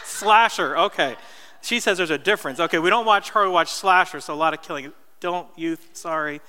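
A New Jersey pastor in his thirties preaches in a reverberant church hall, telling stories casually and tossing asides to the congregation. His voice sits on the high side, fairly quick, bright and forceful, with slight background noise.

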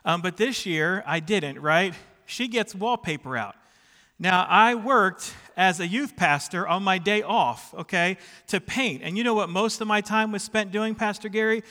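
In a church sanctuary, a middle-aged man preaches, weaving personal stories into his sermon. His high-pitched voice is bright and forceful, unhurried, and carries a big-room sound. As the pastor, he stays chatty and pokes fun at himself while repeatedly checking in with the congregation.

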